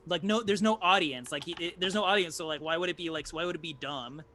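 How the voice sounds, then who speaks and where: A man's voice: on the high side, quick pace, pushed and bright, a little hiss or hum. A man chatting casually about a tabletop game session, rambling with lots of restarts and filler words.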